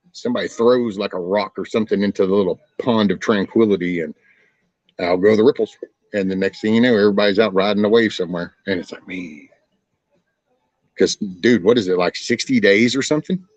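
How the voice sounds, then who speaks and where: Low-voiced man ranting on a livestream. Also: no room sound, muffled recording. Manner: folksy, profane, ranting. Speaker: livestream host. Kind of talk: casual rambling livestream chat.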